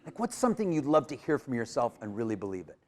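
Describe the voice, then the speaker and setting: A man giving a live motivational workshop in a room full of people, energetic and coaching the audience with direct prompts. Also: mid-range voice, fast. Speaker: workshop speaker.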